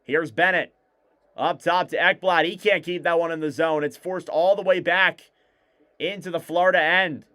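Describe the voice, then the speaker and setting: A man with a smooth, clear voice that sits a little high for a man delivers live hockey play-by-play. He fires off rapid, clipped calls and lifts his voice whenever a shot goes in. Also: steady tone, pushed and bright. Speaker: play-by-play commentator.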